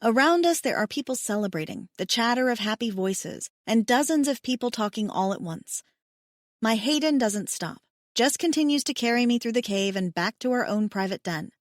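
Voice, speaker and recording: A woman narrating a first-person romance audiobook in an expressive, intimate manner. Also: on the high side, normal speed, no room sound, studio quality.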